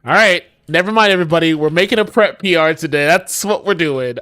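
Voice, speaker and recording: A man's voice: fairly high pitch, brisk, few pauses, pushed and bright, clean tone, dry recording, clean studio sound. A man streaming his game coding in casual talk, exasperated, swearing often and talking to his chat.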